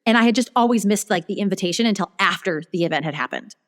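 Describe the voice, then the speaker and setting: On a casual interview, a woman business strategist tells her story with animation, performing her own inner dialogue. Her medium-pitched voice is quick and echoes as if in a large hall.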